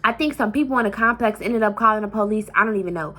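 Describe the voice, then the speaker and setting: A woman vlogger telling a heated, profane storytime in a casual, animated way. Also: medium pitch, fast.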